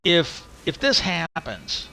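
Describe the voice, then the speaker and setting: A high-voiced man goes off on a long, profane rant, tripping over his words and starting sentences again and again. His tone is bright and sharp, and faint rain patters in the background. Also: huge pitch swings, slow pace, vocal fry, a little hiss or hum, poor audio. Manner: angry, profane, rambling with many restarts. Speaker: livestream host. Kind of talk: casual ranting monologue.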